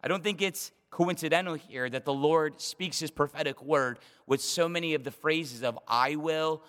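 A man's voice: a little high, normal speed, fairly bright tone, big-room sound. A man preaching a sermon in an earnest way, often repeating words as he builds emphasis. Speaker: pastor.

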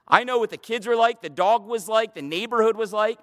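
A man's voice: high voice, brisk, fairly bright tone. A man preaching a sermon in a church, building to emphatic repeated questions. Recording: reverberant church hall.

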